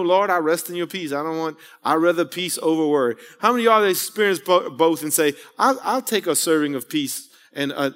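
A man's voice: high-pitched, fairly bright tone, in a large hall. A man in his thirties preaching a sermon, conversational and rambling, full of asides and rhetorical questions. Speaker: pastor. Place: church sanctuary.

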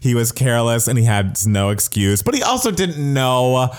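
A man's voice: medium pitch, big pitch swings, normal speed. A man co-hosting a casual podcast, chatty and jokey, often laughing and putting on silly voices for quotes. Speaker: podcast co-host. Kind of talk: casual chat.

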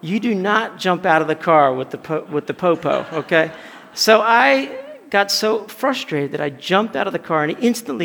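His voice sits high, gravelly yet fairly bright, with lively intonation at a normal speed. This pastor delivers a chatty sermon full of stories in a church sanctuary, regularly stumbling and repeating words, under long hall reverb.

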